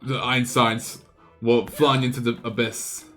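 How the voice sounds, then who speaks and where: A man on a live stream spins a playful, improvised story over a game battle, speaking at mid pitch in a flat, unhurried delivery with a fairly bright tone. He often stumbles and restarts, and faint music plays behind him.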